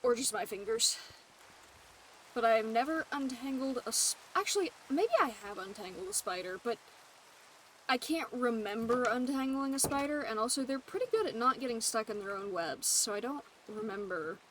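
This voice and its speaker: A chatty young woman tells a story to her stream, laughing between the lines. Her voice sits a little high. Soft background hiss runs under it. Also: expressive, normal speed. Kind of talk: casual storytelling while gaming.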